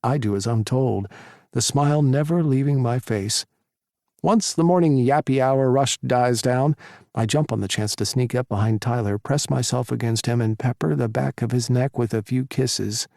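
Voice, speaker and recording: Gravelly male audiobook narrator, dry sound. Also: mid-range voice, moderate pace, darkish tone, no echo. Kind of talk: first-person romance audiobook narration.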